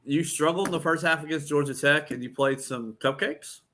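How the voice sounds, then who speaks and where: A man's voice: on the high side, a little fast, bright, forceful tone, slight background noise. A man co-hosting a casual college football picks chat, playful and teasing. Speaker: sports show co-host.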